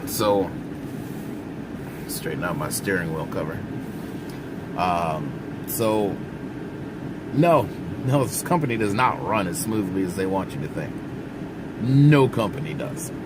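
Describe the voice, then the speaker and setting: A man's voice: deep voice, lively intonation, measured pace, long pauses, background noise. A man who drives trucks, giving blunt, folksy advice straight to his viewers from inside his truck cab. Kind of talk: casual advice monologue.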